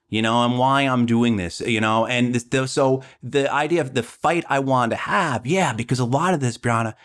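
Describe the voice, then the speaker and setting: A man, a political candidate, talking earnestly in a podcast conversation and often repeating words as he builds his point. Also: medium pitch. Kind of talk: conversational interview talk.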